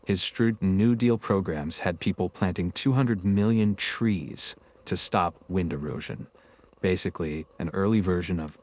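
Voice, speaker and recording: A man with a very low, deep voice narrates history on a scripted podcast. He tells it in a wry, joking way and keeps a casual, storytelling tone. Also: normal speed, a little mellow. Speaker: co-host.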